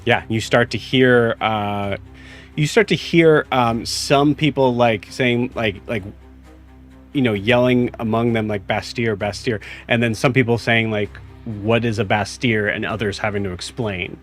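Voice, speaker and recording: A young man narrating as game master, halting and full of fillers as he describes the scene. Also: medium pitch, soft background music.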